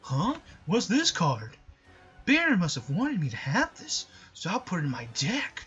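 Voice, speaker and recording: A man's voice: high-pitched, wildly swooping pitch, measured pace, a bit bright, slightly rough, lo-fi sound, faint music behind, voice pushed up, full character voice. A man voicing an eager young male hero duelist in an upbeat, raised voice.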